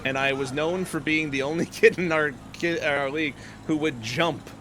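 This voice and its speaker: A young man streaming a game, chatting casually and telling animated stories, laughing often. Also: on the high side, moderate pace, a little hiss or hum. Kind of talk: casual chat while gaming.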